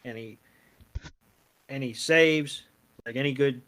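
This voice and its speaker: A man co-hosting a casual podcast, recapping scenes in a rambling way with dry, deadpan quoted lines. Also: medium pitch, slow pace. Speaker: podcast co-host.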